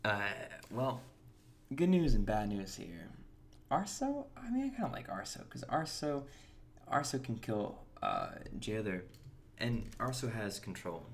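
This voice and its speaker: A young man talks through a game stream in a relaxed, chatty way, greeting viewers and restarting his words as he goes. His voice sits on the low side, and a faint hum of room noise runs under it. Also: a little slow. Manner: chatty, reads and answers chat, restarts words. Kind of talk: casual gameplay commentary.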